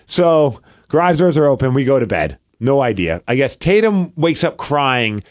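A man in his thirties co-hosting a podcast, telling a story in lively casual chat and acting out quotes. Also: mid-range voice, moderate pace. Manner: animated storytelling, acts out quotes. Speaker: podcast co-host.

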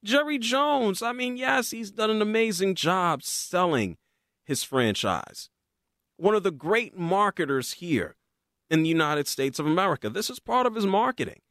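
A man hosts a sports opinion show, his voice sitting high and leaping all over the place as he rants sarcastically. The sound is dry and close, with no room around it. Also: moderate pace, no room sound. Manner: animated, sarcastic ranting.

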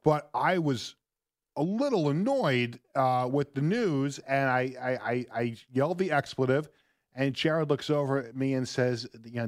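A man's voice: medium pitch, lively intonation, moderate pace. A middle-aged man co-hosting sports talk radio, telling a story in a rambling way with many restarts.

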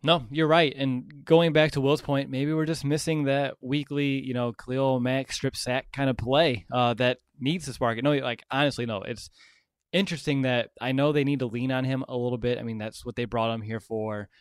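A man's voice: medium pitch, steady tone, moderate pace, clean tone, no echo, clean studio sound. A man hosting a sports podcast, leading the discussion and passing questions to his co-hosts. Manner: leads the talk, hands questions to co-hosts. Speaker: podcast host.

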